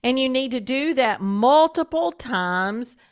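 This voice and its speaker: A woman who hosts a podcast and teaches voice coaches listeners in a steady instructional monologue, often asking them direct questions. Her voice is high-pitched, slow, clear and resonant.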